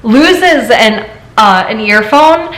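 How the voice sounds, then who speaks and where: A woman hosting a casual chat show, reading stories aloud and telling her own story in an animated way. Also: a little high, slow pace. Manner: animated storyteller, laughs often. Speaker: host. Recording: echoey room.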